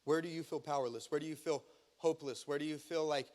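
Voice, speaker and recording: A man's voice: on the high side, fairly even intonation, fast talker, a little mellow. A male pastor preaching a sermon, emphatic, acting out the scenes he tells. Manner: emphatic, acts out scripture scenes. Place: church.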